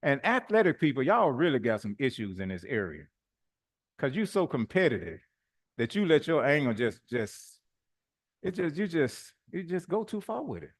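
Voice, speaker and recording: A middle-aged man, a bishop, preaching informally with personal stories, animated and colloquial, often laughing as he talks. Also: fairly high pitch, moderate pace.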